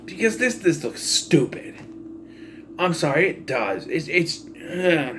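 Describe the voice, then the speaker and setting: A man's voice: a little high, slow, background noise. A young man giving a casual, opinionated wrestling recap, often exasperated and swearing. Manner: animated, exasperated ranting with profanity. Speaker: wrestling pay-per-view reviewer.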